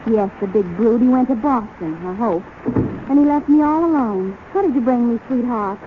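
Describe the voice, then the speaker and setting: A woman's voice: fairly high pitch, expressive, normal speed, noisy background, close to an everyday voice. A woman playing a bossy, scheming young wife in a radio comedy sketch, pushy and wisecracking, on a tinny 1930s broadcast. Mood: coy.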